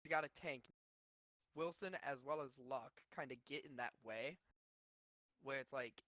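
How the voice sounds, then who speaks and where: A man's voice: medium pitch, moderate pace, bright, forceful tone, no echo, poor audio. A man acting as league commissioner, rambling through casual fantasy football chat with many restarts.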